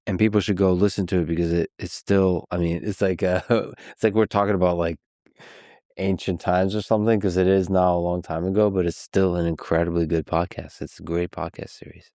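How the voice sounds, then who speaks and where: A deep male host voice with almost no rise and fall in pitch, asking measured questions that circle back as he thinks. The sound is dry and close, with no room around it. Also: level tone, warm tone, no room sound. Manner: measured, admiring questions with restarts. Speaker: podcast host. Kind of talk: long-form interview.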